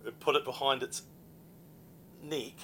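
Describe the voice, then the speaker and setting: A young man hosting a casual podcast chat, animated, laughing often and swearing freely. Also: medium pitch, a little slow, breathy edge.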